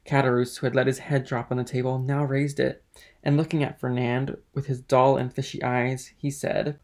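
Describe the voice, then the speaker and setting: Male reader, classic novel audiobook, steady and plain. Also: medium pitch, normal speed. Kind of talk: audiobook narration.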